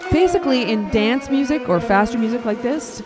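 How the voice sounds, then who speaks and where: A woman's voice: a little high, moderate pace. A woman giving live feedback to a concert band, encouraging them and singing phrases to show how they should sound. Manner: encouraging, sings phrases to demonstrate. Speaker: band adjudicator. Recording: loud band music behind voice. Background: concert band playing.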